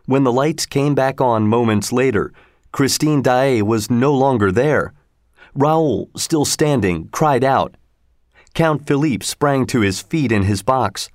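A man's voice: medium pitch, no room sound. Man narrating a storybook, dry sound. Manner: steady, measured reading.

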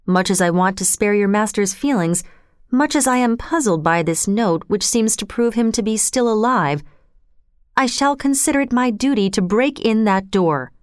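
A woman's voice: mid-range voice, animated, smooth, no room sound, clean studio sound, lightly acted. Woman reading as a grave, resolute lawyer. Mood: firm. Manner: firm, measured. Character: grave middle-aged male lawyer, resolute.

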